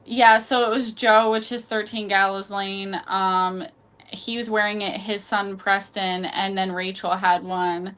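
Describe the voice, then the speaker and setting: A woman's voice: mid-range voice, flat delivery, a little slow, a bit bright, clear, resonant tone. A woman guesting on a podcast, chatting casually and filling her speech with "like". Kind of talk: casual chat.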